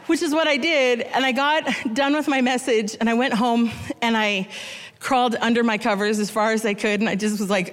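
Woman in her thirties, a warm-hearted storyteller preaching casually, joking at her own expense, then reading scripture slowly. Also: a little high, long reverb tail. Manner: self-deprecating, chatty, reads scripture slowly. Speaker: guest speaker. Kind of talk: storytelling sermon.

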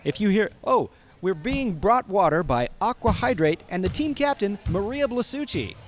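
A man's voice: high-pitched, sing-song, moderate pace, soft background music. A man calling a rec-league basketball game courtside in a gym, with dry, mock-serious comedic commentary. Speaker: play-by-play commentator. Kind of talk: deadpan comedic sports commentary.

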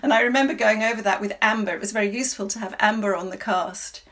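A woman, a stage actress, talks through her work in a reflective, halting manner. She pauses, circles back and restarts phrases as she thinks. Her voice sits at an everyday middle pitch for a woman. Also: a bit bright. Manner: thoughtful, halting, many restarts. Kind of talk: interview answers.

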